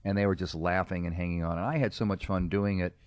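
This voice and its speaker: A middle-aged man with a notably deep, low-pitched voice talks casually as a podcast guest. He tells his stories with self-mocking humor and laughs often. The recording is close and dry. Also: steady tone, quick pace, no room sound. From Cincinnati, USA. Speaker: guest, comedic speaker and character performer.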